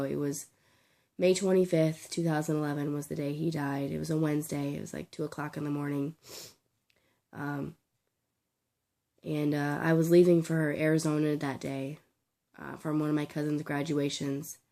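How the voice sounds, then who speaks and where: Low gravelly young woman, halting and tearful. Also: level tone, mellow. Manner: halting, tearful, many restarts. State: sore throat, coughing. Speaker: vlogger. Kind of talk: emotional personal vlog.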